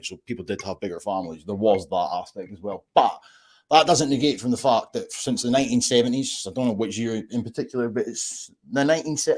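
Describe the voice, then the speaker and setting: Sweary animated Scottish man. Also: lowish voice. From Scotland. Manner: sweary, animated, laughs often. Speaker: livestream host. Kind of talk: casual livestream chat.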